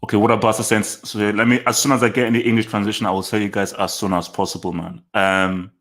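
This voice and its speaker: A football channel host talks fast in a low-side, fairly bright voice with flat delivery, offering casual live reaction commentary. He thinks out loud, repeating short phrases and starting sentences over.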